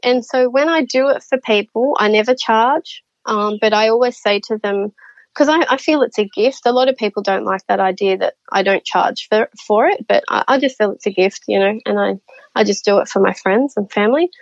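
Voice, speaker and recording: This medium-pitched woman talks a little fast over a muffled recording with no echo. She's a spiritual medium on a podcast, telling casual stories with animation and acting out the characters' voices.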